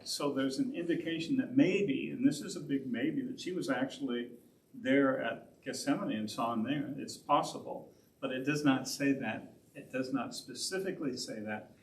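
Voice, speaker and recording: A pastor from Oregon teaches a Bible study at a middling pitch, wandering into asides as he goes. He sounds set back from the microphone in an echoey church classroom, with a faint hiss underneath. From Oregon, USA. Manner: rambling, conversational, with self-aware asides. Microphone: distant room mic. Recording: roomy, distant, faint hiss.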